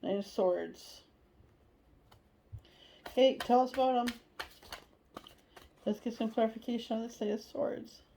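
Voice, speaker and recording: A woman giving a casual tarot reading, chatty and animated, blunt, and she swears now and then. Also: a little high, unhurried, vocal fry, pauses often, noisy background. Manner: chatty and animated, acts out inner voices. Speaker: tarot reader.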